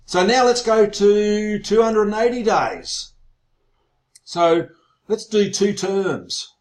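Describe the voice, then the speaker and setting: A man hosting an online sales webinar, excitable and teasing, his voice growing loud as he gets worked up. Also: high voice, slow. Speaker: webinar host.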